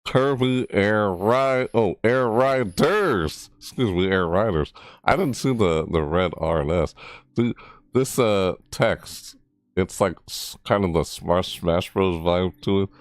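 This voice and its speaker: A young man with a very low voice streams a live reaction, rambling excitedly and laughing as he goes. The sound is dry and close, with no room echo. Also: unhurried.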